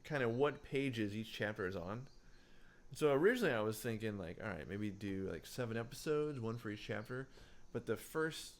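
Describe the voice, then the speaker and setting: Co-hosting a casual book podcast, a man with a fairly low, animated voice talks at normal speed. His book-club chat rambles, with lots of fillers and restarts.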